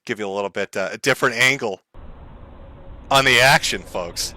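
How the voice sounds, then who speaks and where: A man's voice: medium pitch, moderate pace, sharp tone. A man hosting a live stream, commenting on clips in a mocking, profane way and laughing often. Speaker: livestream host.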